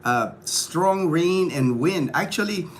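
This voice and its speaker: A man's voice: a little high, lively intonation, slow, a little hiss or hum. A man hosting a casual morning livestream, upbeat and chatty, greeting viewers by name between stories. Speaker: livestream host. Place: home in a provincial town.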